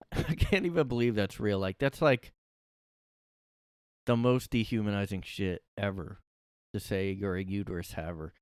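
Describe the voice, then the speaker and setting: Guy in his room doing a sweary sarcastic podcast rant, smooth clear voice, dry close sound. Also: lowish voice, a little slow, long pauses, darkish tone, no echo. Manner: profane, rambling, sarcastic. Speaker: podcast host. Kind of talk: solo comedy podcast rant.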